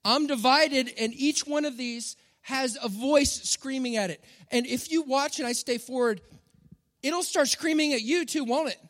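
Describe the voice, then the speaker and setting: A pastor in his forties with a notably high voice preaches in a loose, joking, conversational way. He keeps turning to the room with quick "right?" asides. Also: fairly bright tone. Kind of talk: sermon.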